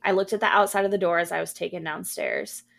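A woman podcast co-host reading a horror story aloud in a hushed, steady manner. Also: on the low side, quick pace, gravelly.

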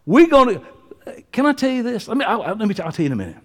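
A man preaching a sermon, folksy and joking, swinging from quiet asides to loud preaching. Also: high-pitched, big pitch swings, rapid-fire, in a large hall. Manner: folksy, joking, uses y'all and ain't. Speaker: pastor. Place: church sanctuary.

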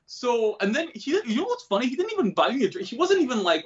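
A man telling a candid personal story in an interview, self-deprecating and joking about dark things. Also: very high-pitched, fast talker, lo-fi sound. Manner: animated, switches into quoted voices. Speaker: comedian and guest.

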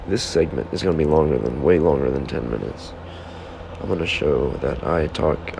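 In a home room where a fan hums, a man with a creaky bass voice talks at normal speed on his solo podcast. The monologue wanders as he breaks into his own thoughts and heckles himself.

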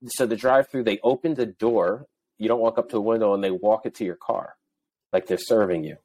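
Easygoing low-voiced man. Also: a little fast, darkish tone. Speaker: podcast co-host. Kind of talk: casual chat.

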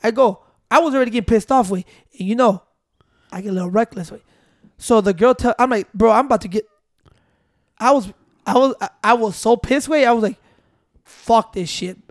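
Man, high voice, rambling profane storyteller, dry recording. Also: a little fast, long pauses, no room sound. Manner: rambling, profane, mixing in Spanish, keeps saying "wait". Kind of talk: casual storytelling among friends.

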